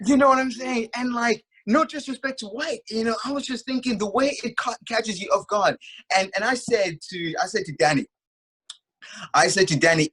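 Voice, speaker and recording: A man's voice: high voice, fairly quick, a bit bright, husky, rough recording. A man co-hosting a casual chat, telling a fight story with lots of filler phrases. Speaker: co-host.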